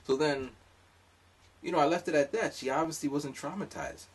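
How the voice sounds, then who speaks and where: A man's voice: a little high, moderate pace, breathy edge, far from the mic. A man telling a rambling, comic story in a casual monologue, full of asides. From lives in Japan.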